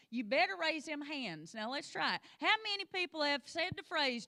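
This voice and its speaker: A woman's voice: high voice, lively intonation, moderate pace, few pauses, sharp tone. A woman teaching a Sunday school lesson, plain-spoken and folksy, with joking asides, and urging the class on directly.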